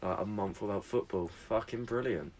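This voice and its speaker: A man's voice: fairly low pitch, moderate pace, darkish tone. A man, co-hosting a podcast and telling a story in casual, sweary chat. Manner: sweary, storytelling, laughs often. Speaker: podcast co-host.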